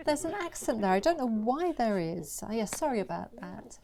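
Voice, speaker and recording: A woman's voice: fairly high pitch, very animated, moderate pace, crowd noise. A woman presenting annual financial results to investors, talking in a hesitant way with many fillers and restarts.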